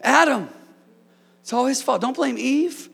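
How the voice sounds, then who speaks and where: A man with a very high, gravelly voice preaches a sermon to his congregation. He shouts his key points for emphasis and slips into playful, joking asides between them. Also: lively intonation, measured pace. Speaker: pastor. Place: church.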